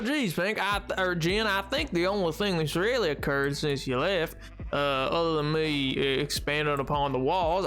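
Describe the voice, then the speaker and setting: An excitable young man talks casually through a game stream, reading chat aloud and breaking into laughs. His voice sits high and swings wildly in pitch. Faint music plays underneath.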